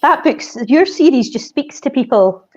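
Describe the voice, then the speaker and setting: A woman's voice: high-pitched, expressive, normal speed, mellow. A woman hosting a casual chat, enthusiastic and supportive as she reacts to her guest. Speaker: host. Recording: slightly dull, lo-fi sound.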